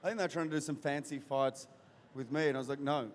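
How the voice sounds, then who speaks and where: A male actor chatting as a guest in an interview, talking in halting bursts full of fillers and restarts. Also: fairly high pitch, steady tone, a little hiss or hum. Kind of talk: casual interview chat. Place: convention event hall. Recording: reverberant hall with faint crowd ambience.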